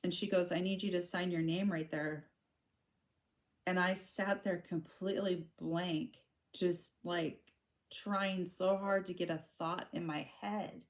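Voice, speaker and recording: A woman in her forties telling her own story to camera in a candid, halting way, often restarting her sentences. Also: lowish voice, steady tone. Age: 40s.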